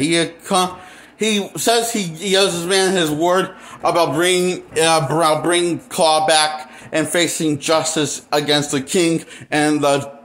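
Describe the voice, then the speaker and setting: A man with a somewhat high voice rambles through a movie review. He speaks slowly, halting often and restarting sentences with plenty of fillers. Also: a bit bright. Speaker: movie critic. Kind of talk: unscripted spoken movie review.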